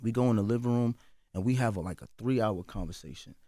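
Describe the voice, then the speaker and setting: A man in his forties, a guest on a radio show, telling candid personal stories with animated delivery and acting out family voices, recorded in a studio. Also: fairly low pitch, quick pace, no room sound. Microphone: studio microphone.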